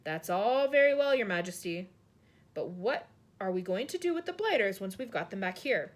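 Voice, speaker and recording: A woman voicing a hot-tempered army general who shouts his indignant lines, read from a storybook. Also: medium pitch, very animated, normal speed, lightly acted. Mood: blustering.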